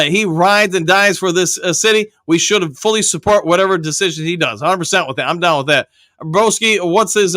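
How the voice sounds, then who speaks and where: Bright-voiced man reading live chat. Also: sits high, no room sound, studio quality. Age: middle-aged. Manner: casual, reads viewer comments aloud and answers them. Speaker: host.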